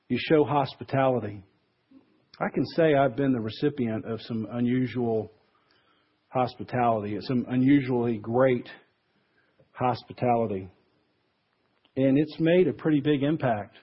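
A man's voice: mid-range voice, husky, highs cut off. A man preaching a conversational sermon as pastor, acting out the voices he quotes.

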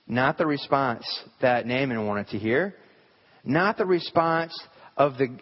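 Male pastor, slightly high voice, conversational sermon, long hall reverb, dull lo-fi recording. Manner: conversational preaching with rhetorical questions. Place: church sanctuary.

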